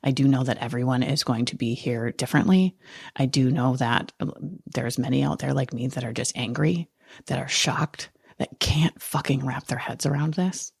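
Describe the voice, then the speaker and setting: A woman's voice: very deep voice, moderate pace, creaky, darkish tone, husky, dry recording, clean studio sound. A woman hosting a podcast, talking through a raw, angry personal monologue and swearing freely. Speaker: podcast host.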